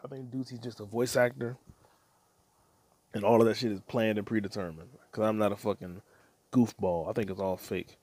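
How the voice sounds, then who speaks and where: A man's voice: on the low side, dry recording. A man hosting a solo podcast, rambling crudely and profanely from one topic to the next while muttering to himself. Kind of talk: rambling casual monologue.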